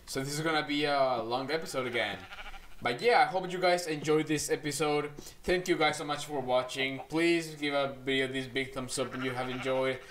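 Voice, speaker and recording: A man's voice: a little high, normal speed, a bit bright, a little hiss or hum. A man giving casual gameplay commentary as a channel host, rambling playfully and coaxing animals along.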